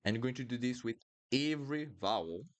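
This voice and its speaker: A man teaching a live online lesson, drilling sounds slowly and asking viewers questions. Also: mid-range voice. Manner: lively and encouraging, drills sounds slowly, asks the chat questions. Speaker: Portuguese teacher.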